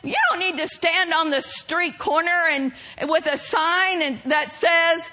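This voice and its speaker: A woman preaching a sermon, swinging between loud shouted lines and soft hushed ones. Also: very high voice, a little slow, few pauses.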